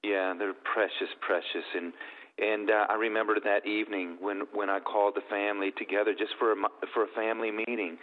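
A man's voice: fairly low pitch, little pitch movement, a little fast, in a large hall, phone-quality sound. A middle-aged man giving an earnest, heartfelt personal testimony as a guest.

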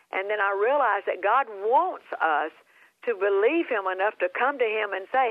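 A woman's voice: medium pitch, moderate pace, no room sound. Woman on a tinny phone line. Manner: earnest, with frequent repeats and restarts. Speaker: guest minister telling a healing testimony. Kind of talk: phoned-in interview testimony.

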